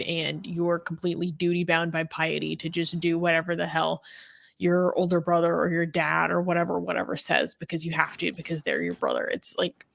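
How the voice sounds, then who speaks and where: A woman talking casually on a livestream, her voice sitting on the low side. She rambles with plenty of fillers and laughs easily. The sound is dry and close. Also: gravelly, fairly bright tone, dry recording. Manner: chatty, laughs often, many fillers. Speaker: co-host.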